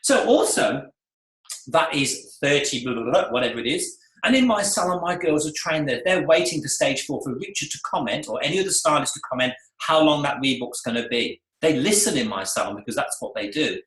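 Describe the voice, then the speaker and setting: A man teaches salon staff from the front of an echoey room. His pitch jumps all over and he slips into voices of clients and staff to act out each scene. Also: animated, a little fast, a bit bright. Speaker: salon coach. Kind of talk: lively seminar teaching.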